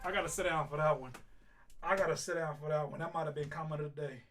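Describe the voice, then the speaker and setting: A man's voice: fairly high pitch, fast talker, noisy background. A man hosting a live music feedback stream, giving frank, profane advice and playing up joking mock outrage at the chat. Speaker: host reviewing music live.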